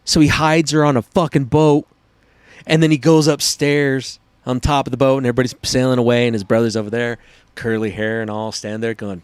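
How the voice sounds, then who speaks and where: A man hosting a casual podcast, telling stories in an animated, profane way. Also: medium pitch, fast talker, clear, resonant tone, dry recording. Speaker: podcast host. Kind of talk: casual chat.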